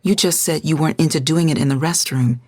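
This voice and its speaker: A woman's voice: sits low, fast, a little mellow, no room sound. A woman voicing a teasing young clerk.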